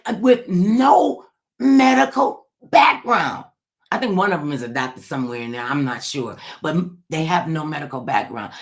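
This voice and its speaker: Impassioned woman host preaching to viewers. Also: low-pitched. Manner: preachy, repeats phrases for emphasis; rhetorical questions addressed to listeners. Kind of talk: impassioned livestream monologue.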